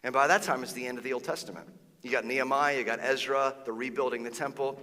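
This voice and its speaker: Bright-voiced pastor preaching in a hall. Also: male voice, mid-range voice, fast talker. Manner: lively storytelling with casual slang and quoted voices. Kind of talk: sermon.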